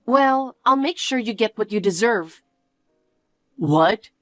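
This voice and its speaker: A young woman telling her own story in first person, expressive and quick to exclaim. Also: on the high side, no room sound, studio quality, soft background music. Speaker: narrator.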